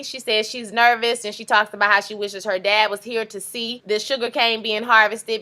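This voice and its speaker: A woman recapping a TV episode in a casual, animated way, talking straight to her viewers. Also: on the high side. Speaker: TV recap vlogger.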